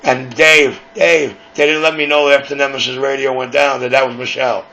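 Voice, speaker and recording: A man's voice: medium pitch, level tone, a little fast, sharp tone. A man with a New York accent hosting late-night radio, rambling and conspiratorial in casual talk. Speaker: radio show host. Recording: dull lo-fi recording with faint hiss.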